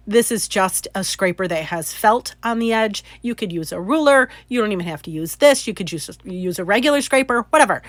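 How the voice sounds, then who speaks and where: A woman walks through a craft project in a chatty, excitable way. She pokes fun at her own measuring and fills her pauses with little "um"s. Her voice sits at an ordinary middle pitch. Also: no echo. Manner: chatty, excitable, self-deprecating, lots of "um". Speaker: craft channel host. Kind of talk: casual how-to demonstration.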